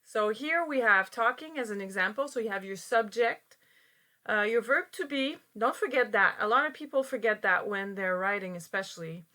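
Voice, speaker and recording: Woman, grammar teacher, recorded lesson, patient step-by-step explaining, bright tone. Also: mid-range voice, animated, normal speed.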